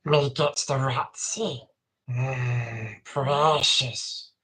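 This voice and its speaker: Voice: mid-range voice, fairly even intonation, extremely slow, a bit bright, pitched below the performer's own voice, low-quality recording. A live-stream host doing a Gollum impression, a wheedling creature that drags out its words and adds hissing plurals. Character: wretched creature, hunched, craving, fawning. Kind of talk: casual live chat.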